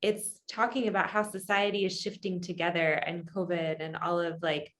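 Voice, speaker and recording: Female guest, frank and rambling in casual talk, lowish pitch. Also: little pitch movement, normal speed, a bit bright. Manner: candid, rambling, thoughtful. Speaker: yoga teacher and musician guest. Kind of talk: casual interview chat.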